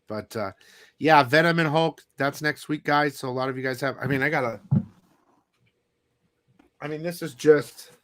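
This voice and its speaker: Slightly high-voiced man, rambling and profane. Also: moderate pace, pauses often, fairly bright tone, dry recording. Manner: rambling, profane, loose storytelling. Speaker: comic haul show host. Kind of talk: casual live-stream chat.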